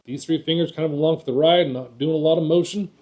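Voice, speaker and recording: Speaking fast with fairly even intonation, the instructor has a slightly high, somewhat mellow voice, and the audio sounds dull. He walks hunters through goose calling in a folksy, casual way, repeating words and often asking "right?".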